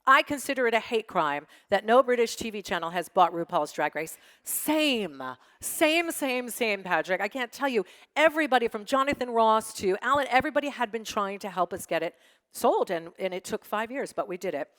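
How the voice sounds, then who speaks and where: A middle-aged woman reading tweets aloud to a live audience, with animated, joking, sassy asides. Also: a little high, fairly quick, long reverb tail. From United States. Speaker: guest reading tweets on stage. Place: event space with audience.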